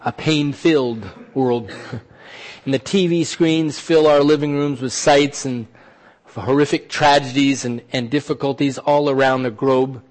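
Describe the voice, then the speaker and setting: A man preaching a sermon as pastor, animated, often repeating words and dropping to a soft, intense hush. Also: mid-range voice, unhurried.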